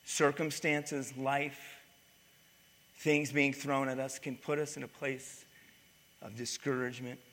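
A male pastor preaching a sermon, swinging from loud to hushed. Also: medium pitch, level tone, takes it slowly. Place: church sanctuary. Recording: reverberant church hall.

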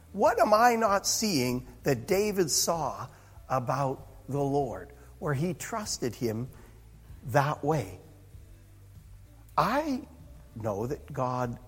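A man's voice: mid-range voice, slightly rough. A man preaching a sermon as pastor, in a conversational, self-interrupting way with chuckling asides. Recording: reverberant hall.

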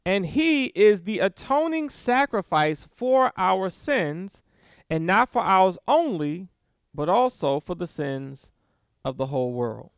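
Male preacher, high and lively, slow and deliberate, dry close sound. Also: smooth, no echo. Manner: animated, reads scripture aloud with emphatic stresses and small laughs. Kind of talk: sermon.

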